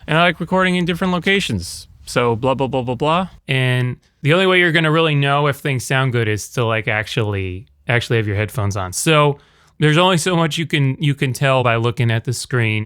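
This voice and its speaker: On camera, a video creator casually reviews a shotgun microphone, rambling and correcting himself as he talks near it and then farther back to show how it sounds in a quiet room. His voice is mid-range, clear, and resonant.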